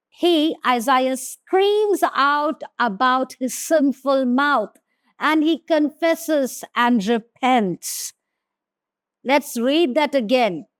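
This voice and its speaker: Woman Bible teacher, measured and deliberate, reads verses then unpacks them, slightly high voice. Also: dry recording, studio quality. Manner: reads scripture aloud, then explains it slowly with emphasis. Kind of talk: slow devotional Bible teaching.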